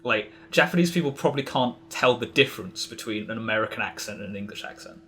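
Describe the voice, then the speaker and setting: A man's voice: lowish voice, lively intonation, fast, sharp tone, slight background noise. A man chatting casually as a podcast guest, rambling with lots of fillers and restarts. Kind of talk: casual interview chat.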